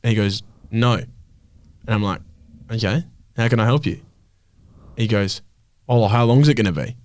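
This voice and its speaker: A man's voice: on the low side, normal speed, darkish tone. A young man, a podcast co-host, ranting in casual chat and swearing a lot. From Australia.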